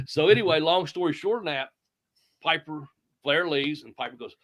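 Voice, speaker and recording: A middle-aged man, a retired wrestler telling profane, animated stories with sound effects. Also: fairly high pitch, normal speed. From United States. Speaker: retired pro wrestler, guest. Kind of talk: casual storytelling interview.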